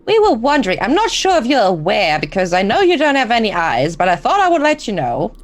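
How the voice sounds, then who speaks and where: Lively-voiced woman playing a tabletop game. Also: on the high side, fairly quick. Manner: playful, polite in-character speech. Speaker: player. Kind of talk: tabletop role-play.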